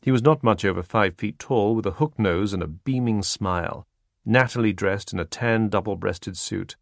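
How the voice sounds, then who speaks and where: A man narrating a spy novel audiobook in a steady, measured reading. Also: lowish voice, creaky, dry recording, studio quality. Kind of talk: scripted narration.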